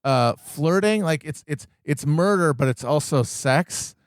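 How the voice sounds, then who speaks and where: A man's voice: fairly high pitch, animated, unhurried, dry recording, clean studio sound. Exasperated man mocking a bad movie. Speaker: podcast co-host. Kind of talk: casual comedic film review chat.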